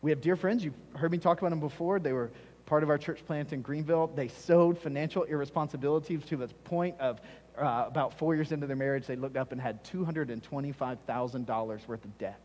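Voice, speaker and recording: A man preaches a sermon as pastor, pressing his points and repeating them for weight. His voice sits a little high and slightly husky. Long church-hall reverb trails behind every phrase. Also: fairly quick, darkish tone. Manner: emphatic, repeats key phrases for stress. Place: church sanctuary.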